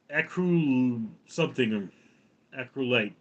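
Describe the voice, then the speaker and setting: A man hosting a casual livestream, rambling with halting restarts. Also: medium pitch, lively intonation, sharp tone. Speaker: livestream host.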